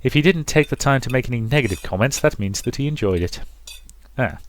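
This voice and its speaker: A man voicing a reserved young male servant in a game reading, measured and explanatory. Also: medium pitch, animated, voice pushed up, natural voice. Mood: explaining.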